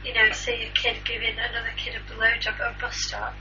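A woman co-hosting a podcast, trading crude deadpan jokes in casual chat. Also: fairly high pitch, a little fast, far from the mic, a little hiss or hum. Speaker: podcast co-host. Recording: dull lo-fi recording, voice set back from the mic.

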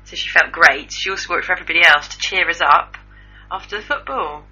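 A woman's voice: on the low side, fast talker, sharp tone, husky, highs cut off. A woman co-hosting a radio show, chatting wryly about news stories and rambling from one thought to the next. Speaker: radio co-host. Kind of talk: casual chat reading out news stories.

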